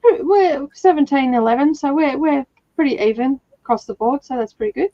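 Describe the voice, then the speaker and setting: With a high voice and dark tone at a moderate pace, a woman hosts a livestream reading session, chatting and laughing often despite a sore throat that makes her slightly rough. The recording has no room sound, and the highs are cut off.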